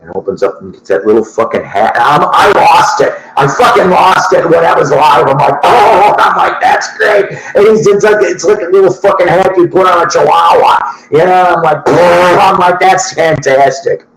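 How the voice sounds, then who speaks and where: A man hosts a record-collecting show, talking loosely to his viewers in a casual, rambling way, cursing and laughing at his own asides. His voice is fairly high and brisk, with few pauses. The room is echoey, and a crowd can be heard in the background.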